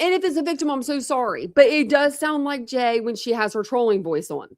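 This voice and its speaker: A woman's voice: on the high side, no room sound, studio quality. A woman hosting a true crime channel, talking casually to viewers and thinking aloud as she goes. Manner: rambling, thinks aloud with restarts.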